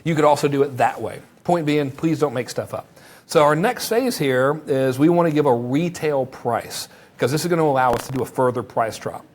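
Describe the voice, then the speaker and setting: A man teaching a marketing course, who acts out sample sales pitches in a lively way. His voice is strained from talking and he stops to drink water. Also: moderate pace. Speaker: marketing instructor.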